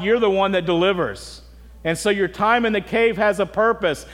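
A middle-aged man preaches with a high, earnest voice, turning often to his listeners with direct questions. His words ring out with a long reverb, as if in a large church sanctuary. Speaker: pastor. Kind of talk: sermon.

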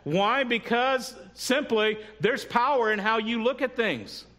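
A man's voice: extremely high pitch, takes it slowly, fairly bright tone. A man preaching a sermon who often checks in with the congregation and adds humorous asides. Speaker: pastor.

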